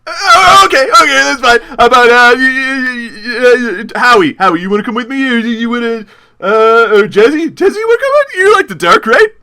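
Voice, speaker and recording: A man voicing an excitable young male jock who stammers and talks too eagerly. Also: very high voice, fairly quick, pitched above the performer's own voice, heavily acted. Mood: nervous. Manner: stammering, eager, overly upbeat.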